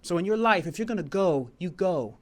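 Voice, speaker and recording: At a live showcase in a small Paris venue, an American man tells a personal story in a high, expressive voice at a slightly fast pace. He rambles and repeats himself in a heartfelt way, slipping in bits of song.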